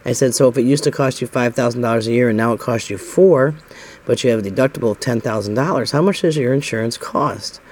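This middle-aged American man talks fast at a medium pitch with a darkish tone. His personal story rambles in a casual way, with the dialogue acted out through plenty of "I said" and "he says."

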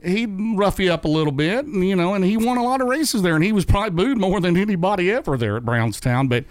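A man's voice: high voice, animated, quick pace, dry recording. A middle-aged man telling casual racing stories as a guest, rambling with restarts and chuckles. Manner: rambling, many restarts and asides. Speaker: guest recalling dirt track racing. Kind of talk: casual storytelling chat.

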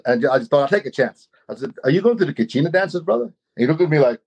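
A man from Australia tells a long personal story in an easy, conversational way. He talks in an animated manner, repeating words and restarting as he goes. His voice sits a little above the usual pitch for a man. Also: very fast, few pauses. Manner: animated, repeats words, laughs while telling. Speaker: guest storyteller. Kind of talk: casual storytelling.

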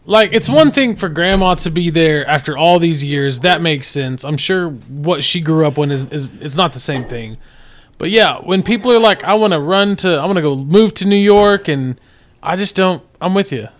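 A man's voice: fairly high pitch, lively intonation, moderate pace, fairly bright tone. A man from Amarillo, Texas, telling stories in a loose, joking, casual podcast chat. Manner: joking storyteller, swears casually.

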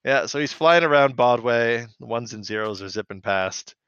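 A man co-hosting a casual podcast recaps a cartoon episode in a chatty way, acting out the characters' lines. His medium-pitched voice is fairly bright, clear, and resonant, at a moderate pace. The recording is dry with no room sound, and the mic sound is slightly dull.

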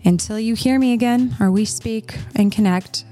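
A woman's voice: a little high, moderate pace, mellow. A woman hosting a podcast and speaking to listeners in a tender, reassuring, emotional way. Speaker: podcast host and coach. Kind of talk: heartfelt podcast monologue.

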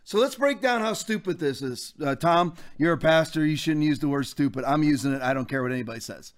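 A man's voice: on the high side, animated, fairly quick. A man who is a pastor and hosts a podcast, delivering fired-up, ranting commentary in a preacher-like way.

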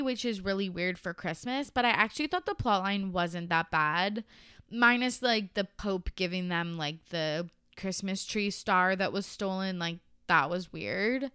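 A woman's voice: mid-range voice, bright, forceful tone, smooth, dry recording, studio quality. A young woman hosting a podcast, chatting casually and sarcastically about a movie, with frequent swearing and filler words. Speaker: podcast host. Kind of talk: casual movie review chat.

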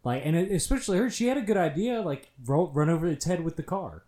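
A man's voice: fairly high pitch, animated, quick pace, dark tone. A man co-hosting a casual podcast chat, joking and teasing. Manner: joking, teasing, laughs often. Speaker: podcast co-host.

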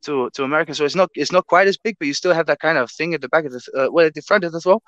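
A man's voice: on the high side, rapid-fire, a bit bright, no echo, highs cut off. A man in casual podcast chat, talking emphatically and swearing freely.

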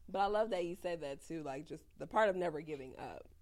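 A woman's voice: low-pitched, lively intonation, fast, a little mellow. A woman hosting a podcast interview, chatting casually and encouraging her guest with frequent affirmations and laughter. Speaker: podcast host.

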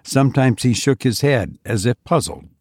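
Measured male audiobook narrator. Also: medium pitch, a little mellow, no echo, studio quality. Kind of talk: first-person story narration.

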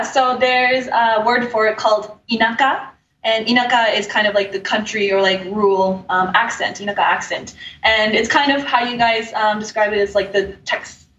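A woman's voice: medium pitch, fairly bright tone. A woman speaking casually on a podcast, explaining things patiently with hesitant ums. She sounds far from the mic in an echoey room, the sound dull and lo-fi with faint hiss behind. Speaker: podcast guest explaining Japanese. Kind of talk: casual chat.

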